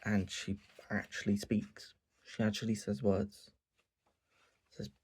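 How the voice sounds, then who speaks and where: A man's voice: fairly low pitch, slow pace, pauses often, breathy edge. A man ranting casually and profanely about a show late at night. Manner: animated, profane, repetitive ranting. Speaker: anime reviewer.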